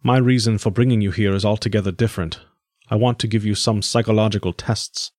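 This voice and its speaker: A man voicing an impassive middle-aged male scientist who holds a prisoner, speaking slowly and without a smile. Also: fairly low pitch, fairly even intonation, darkish tone, no echo, studio quality, lightly acted. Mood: cold. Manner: slow, measured, unsmiling.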